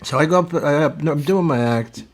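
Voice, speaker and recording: A man's voice: a little high, fairly quick. An older man from Philadelphia, hosting a casual chat and telling blunt, profane stories. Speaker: host.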